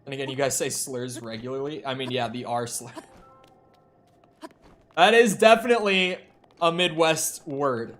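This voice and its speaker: A man's voice: mid-range voice, moderate pace, pauses often, fairly bright tone, soft background music. A young man from Minnesota with a Minnesotan accent, casually chatting with his stream chat while he plays, loose and offhand, swearing now and then. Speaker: game streamer.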